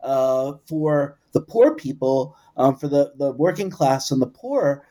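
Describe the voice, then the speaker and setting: A man speaking as an expert guest in an interview, giving historical background in a measured way with frequent pauses. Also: mid-range voice, lively intonation, mellow. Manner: measured, hesitant with fillers. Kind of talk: explanatory interview answers.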